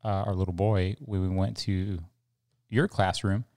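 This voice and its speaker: A man's voice: low-pitched, steady tone, unhurried, darkish tone. A middle-aged man from El Paso co-hosting a podcast in casual, rambling chat with many fillers. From El Paso, Texas. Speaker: podcast co-host.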